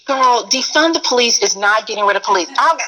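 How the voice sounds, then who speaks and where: A woman's voice: a little high, expressive, brisk, bright, forceful tone, rough recording. A woman from Texas with a Texan accent, an educator talking earnestly in casual conversation, repeating phrases for emphasis. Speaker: educator, guest.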